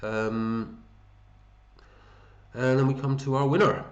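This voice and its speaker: A man's voice: mid-range voice, steady tone, slow pace, roomy sound, muffled recording. A man hosting a fantasy football league, chatting casually and matey as he runs through scores and thinks aloud. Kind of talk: casual commentary over a screen.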